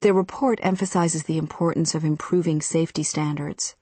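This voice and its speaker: Low-voiced woman reading sentences. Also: steady tone, warm tone, breathy edge, no echo. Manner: measured, plain sentence reading. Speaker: vocabulary reader.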